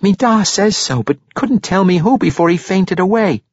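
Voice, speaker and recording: A man's voice: high-pitched, lively intonation, moderate pace, husky, no echo, pitched above the performer's own voice, full character voice. A man voicing an anxious young male halfling who presses with urgent, pleading questions. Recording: dry, slightly muffled lo-fi recording.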